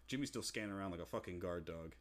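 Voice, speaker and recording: A man with a fairly low voice spins a rowdy story in loose, casual podcast talk. He swears freely, laughs a lot and jumps into playful imitations of his friends. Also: quick pace. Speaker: podcast co-host.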